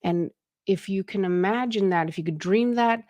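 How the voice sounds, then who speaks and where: A woman's voice: medium pitch, moderate pace, a little mellow, no echo. A woman hosting a podcast and coaching on leadership, giving casual instructional talk in a conversational way, with many fillers and restarts.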